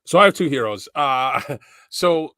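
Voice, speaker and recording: A man's voice: mid-range voice, lively intonation, unhurried, bright, forceful tone, smooth, dry recording, studio quality. A young man co-hosting a hockey podcast, telling a long rambling story in casual chat and acting out the people he quotes. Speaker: podcast co-host.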